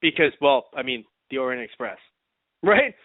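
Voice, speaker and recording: A man's voice: mid-range voice, animated, moderate pace, dry recording. A man co-hosting a casual fan review podcast, talking animatedly, acting out reactions and laughing often. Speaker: podcast co-host. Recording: dry, phone-like lo-fi sound.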